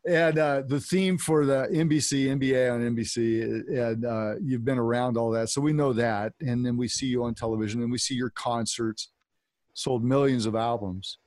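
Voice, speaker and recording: Male host, mid-pitched, eager questions with stumbles, dry close mic. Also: fairly even intonation, a little mellow, no room sound. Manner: enthusiastic, halting questions. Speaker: interviewer. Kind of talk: casual interview.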